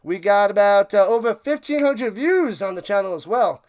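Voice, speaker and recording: Excited high-voiced man streamer. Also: normal speed. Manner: excited, rambling, repeats himself. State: out of breath. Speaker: live stream host. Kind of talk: casual sign-off chat to live stream viewers.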